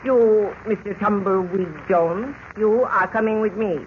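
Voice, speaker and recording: An actor playing a menacing villain who speaks in a stiff, precise, overly polite way, in 1940s radio acting style. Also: male voice, high-pitched, unhurried. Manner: stiff, formal, precise speech. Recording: dull lo-fi old radio recording with hiss.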